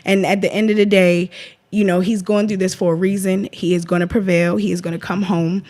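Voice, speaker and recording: A woman's voice: medium pitch, flat delivery, brisk, a little mellow. A woman, speaking as a guest in an emotional interview, impassioned and defiant, often retelling what others said.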